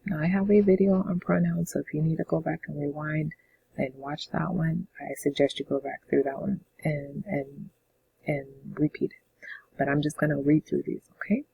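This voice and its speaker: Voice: medium pitch, fairly even intonation, moderate pace, creaky, muffled recording, a little hiss or hum. A Spanish teacher explaining a lesson step by step in a patient, repetitive way, often checking in with "okay?". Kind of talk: classroom-style lesson explanation.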